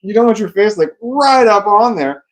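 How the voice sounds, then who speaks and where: Filming himself at home on a phone with a small external microphone, a middle-aged man speaks in a high-pitched, animated voice at a moderate pace. His casual vlog is rambling and profane, and he keeps losing the thread; the audio is poor.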